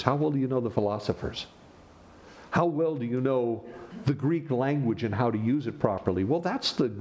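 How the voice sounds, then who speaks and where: A man preaching a sermon as pastor, animated and joking with the congregation between points. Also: mid-range voice, slight background noise.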